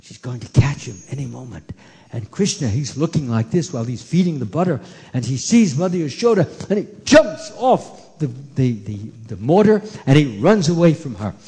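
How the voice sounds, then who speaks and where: A man telling a story to children at a temple, animated, asking them questions and hushing them. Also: fairly high pitch, normal speed, slightly rough. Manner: animated, asks the kids questions, hushes them. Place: temple hall. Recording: echoey hall.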